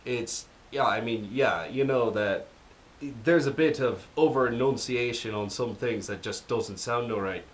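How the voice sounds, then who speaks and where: A young American man co-hosting a podcast in casual chat, rambling and jokey, often trailing off quietly. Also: medium pitch, a little slow. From United States. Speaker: podcast co-host.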